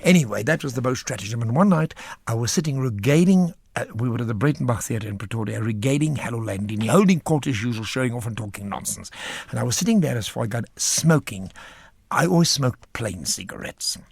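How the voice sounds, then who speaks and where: Gravelly older actor. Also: male voice, mid-range voice, brisk, no room sound, clean studio sound. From South Africa. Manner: animated, theatrical storyteller with flamboyant asides. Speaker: actor telling theatre stories. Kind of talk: theatrical anecdote in a radio interview.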